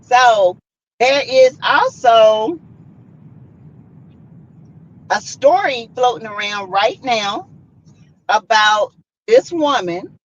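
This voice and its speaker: With the highs cut off, the recording captures a woman speaking slowly at a fairly high pitch. She's a Southern US vlogger hosting a casual conversation, recounting a story dramatically and acting out what people said in an animated way.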